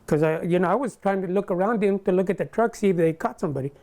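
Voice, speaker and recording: An older man being interviewed, recounting a personal story in a halting way, full of restarts. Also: sits high, darkish tone. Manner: halting, with many restarts and quoted dialogue.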